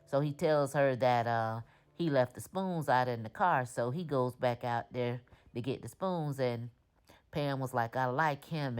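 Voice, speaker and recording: Low-voiced chatty woman recapping TV. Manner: chatty, opinionated, talks straight to viewers. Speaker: TV recap host. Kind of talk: casual episode recap.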